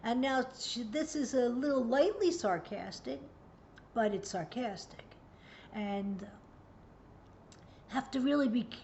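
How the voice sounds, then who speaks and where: Older lady giving parenting tips, earnest and emphatic, kinda high voice, dull muffled sound, faint hum. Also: takes it slowly, long pauses, darkish tone. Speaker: parenting educator. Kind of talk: direct-to-camera parenting lesson.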